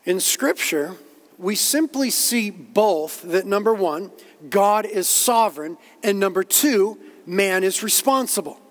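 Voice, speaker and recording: A man's voice: high-pitched, lively intonation, slow pace, big-room sound. A man preaching a sermon as a pastor, earnest, repeating himself and quoting others as he builds his point. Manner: earnest preaching with repetitions and quotations.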